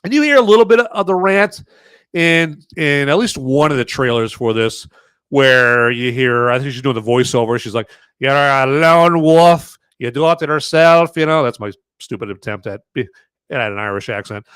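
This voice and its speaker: A man's voice: mid-range voice, normal speed, a bit bright, smooth, no room sound. Rambling man reviewing a movie. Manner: rambling, lots of "uh" and "there". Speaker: podcast host. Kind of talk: casual live movie review.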